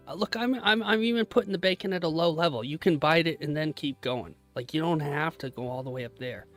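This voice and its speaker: A man's voice: a little high, a little fast, few pauses, a bit bright, dry recording, soft background music. A young man chatting casually on a live stream, joking about himself and cheering his trades on. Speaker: livestreaming day trader.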